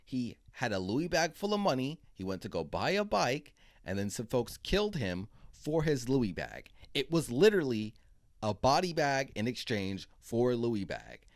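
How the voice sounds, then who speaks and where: A man's voice: medium pitch, sing-song, moderate pace, dry recording, clean studio sound. A man hosting a commentary video, talking bluntly and sarcastically. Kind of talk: opinionated commentary.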